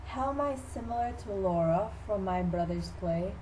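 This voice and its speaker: A woman's voice: mid-range voice, expressive, moderate pace, dark tone, a little hiss or hum, natural voice, low-quality recording. A teenage girl voicing a dreamy, childlike young sister in a school skit, in a whimsical, sing-song voice. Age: teens.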